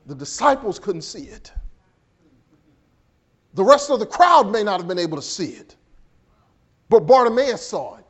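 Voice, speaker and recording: Animated preaching man, high lively voice. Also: normal speed, pauses often. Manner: preaching with dramatic swings in pitch and volume; stammers and repeats words when building a point. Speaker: pastor. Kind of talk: sermon.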